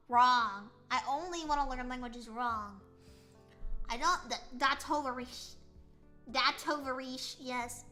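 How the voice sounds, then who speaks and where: A woman's voice: high-pitched, sharp tone. A woman from the United States chatting casually on a live stream, playful and rambling, often joking at her own expense. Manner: playful, rambling, self-mocking.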